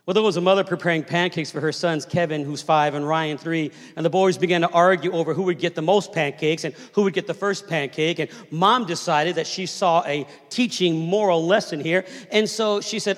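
A man's voice: a little high, brisk, hardly any pauses. A man in his fifties preaching a sermon, telling family stories and asking the congregation to respond. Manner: conversational storytelling preacher, asks the crowd to respond. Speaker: pastor. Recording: long reverb of a large hall.

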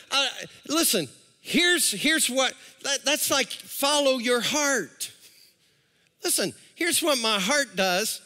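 A man's voice: high-pitched, pushed and bright, in a large hall. A man preaching a sermon as pastor, talking animatedly, repeating words and calling out to the congregation.

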